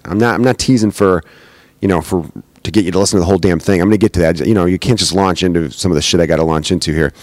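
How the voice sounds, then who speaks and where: He's an American comedian doing a casual solo episode of his own podcast, recorded at home on a podcast microphone, full of loose, crude, jokey bar-style banter. His voice is on the low side with a darkish tone, and there's no room sound.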